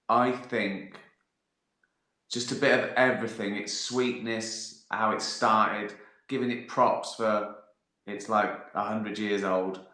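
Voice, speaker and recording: Man, somewhat low voice, bright tone, rambling, swears casually. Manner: hesitant, frequent fillers and restarts, swears casually, chuckles. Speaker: livestream host answering viewer questions. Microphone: phone or laptop livestream. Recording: roomy echoey sound.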